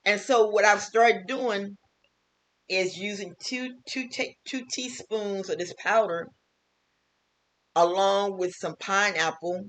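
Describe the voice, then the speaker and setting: A woman's voice: mid-range voice, takes it slowly, a bit bright. A woman, a health vlogger and teacher, talking earnestly and repetitively in a casual home wellness vlog from her kitchen.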